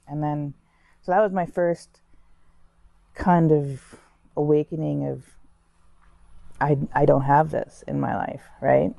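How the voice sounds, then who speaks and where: A woman's voice: low voice, fairly even intonation, slow pace, vocal fry, long pauses, mellow, dry recording, lo-fi sound. A woman candidly telling her own life story in a conversational way, full of restarts and "like". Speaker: interviewee sharing her story. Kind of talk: personal storytelling.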